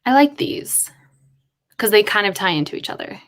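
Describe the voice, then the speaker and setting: A woman's voice: medium pitch, sing-song. Woman livestreaming her writing, casual and rambly, talks through ideas as they come. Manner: thinks aloud, rambling, quick asides and laughs. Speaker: writer livestreaming with chat. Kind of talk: casual live-stream chat.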